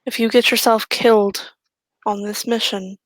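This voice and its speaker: A woman's voice: on the high side, level tone, moderate pace, no echo, lightly acted, low-quality recording. A woman voicing a blunt, protective, pregnant werewolf mother in a tabletop game. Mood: earnest. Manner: blunt and threatening.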